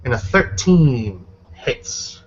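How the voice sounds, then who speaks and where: A man's voice: mid-range voice, big pitch swings, extremely slow, a little hiss or hum. Man narrating as game master, lo-fi. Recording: dull lo-fi recording.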